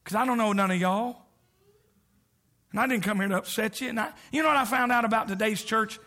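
Preaching as a guest, a middle-aged man swings from whoops and shouts down to near whispers. He speaks fairly quickly in a high-pitched voice.

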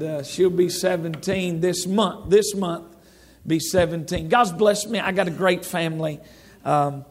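A middle-aged man preaching a sermon in a church, folksy and rambling, with lots of restarts and asides to the congregation. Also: on the high side. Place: church sanctuary.

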